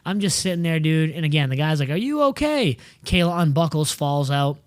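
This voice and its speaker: A man from New England co-hosting an off-road show, telling a story in a lively, casual way, swearing freely and acting out the other people in it. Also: a little high, fairly quick, clean tone, dry recording, studio quality. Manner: animated, swears freely, acts out quoted voices. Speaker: co-host.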